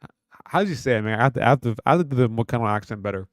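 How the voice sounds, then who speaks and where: Here the Kentucky livestream host talks rapid-fire and expressively, his mid-range voice carrying loose, profane banter as he reads out the chat. The young man is recorded in studio quality with no room sound.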